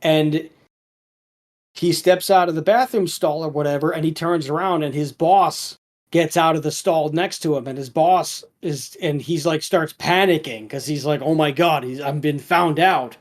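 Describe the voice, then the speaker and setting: A man's voice: fairly high pitch, normal speed. A man co-hosting a podcast, retelling a cartoon episode in a rambling casual way, full of restarts and fillers, now and then quoting the characters. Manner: quotes characters in a lightly acted voice. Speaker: podcast co-host.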